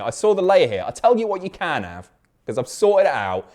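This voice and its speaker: A man's voice: sits high, brisk, creaky. Guy on a live stream, sweary banter, voice jumping all over the place, reading out viewer comments. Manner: animated, sweary, banter-filled. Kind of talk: casual chat reading viewer messages.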